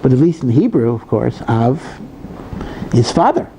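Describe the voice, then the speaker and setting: A man's voice: mid-range voice, sing-song, moderate pace, dark tone, a little hiss or hum, rough recording. A male rabbi giving a Torah lecture in a conversational way, full of asides and repeated phrases. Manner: conversational, many asides and repetitions.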